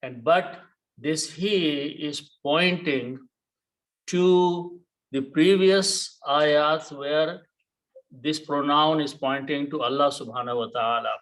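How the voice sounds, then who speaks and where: A man teaching a Quran lesson, explaining words step by step, repeating key terms and pausing on "okay". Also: fairly high pitch, fairly bright tone, poor audio.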